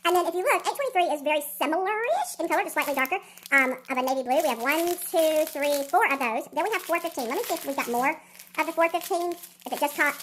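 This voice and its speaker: Chatty woman vlogger, sped-up chipmunk playback, very high and rapid, faint hiss behind. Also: animated, a bit bright. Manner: chatty, counts aloud, self-teasing. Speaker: diamond painting vlogger. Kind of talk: casual unboxing chat.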